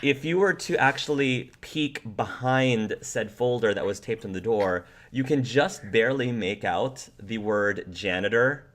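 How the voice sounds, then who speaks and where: Man, game master, slow and rambling scene narration. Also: mid-range voice, a bit bright, slight background noise. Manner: slow, rambling description with restarts.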